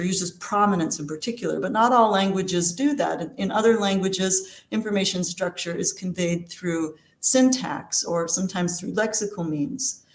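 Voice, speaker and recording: A woman with a fairly low voice gives a measured academic lecture and explains each point step by step. She fills her pauses with ums and uhs. The sound carries an echo from the room. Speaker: linguistics lecturer.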